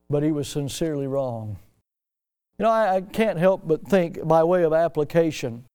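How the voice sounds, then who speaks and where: A man preaching a sermon with emotional, emphatic delivery that swings widely in pitch and loudness. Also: clean tone.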